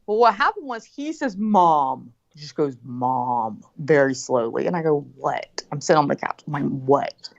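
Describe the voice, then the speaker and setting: A middle-aged woman telling a story in casual chat, animated and profane, acting out what people said. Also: low-pitched, moderate pace, gravelly. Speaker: guest. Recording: dull lo-fi sound.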